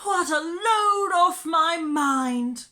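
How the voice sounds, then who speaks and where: Woman doing Miss Lark, shrill fussy lady. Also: animated, slow, pushed and bright, full character voice. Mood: scolding. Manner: shrill, wailing and tearful. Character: fussy haughty lady doting on her dog.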